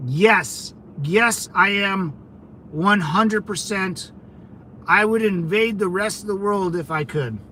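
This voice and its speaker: A man hosting a casual livestream, answering chat in a brash, combative and mocking way, with loud outbursts. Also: high voice, slow pace, a little hiss or hum, poor audio. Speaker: channel host reading live chat.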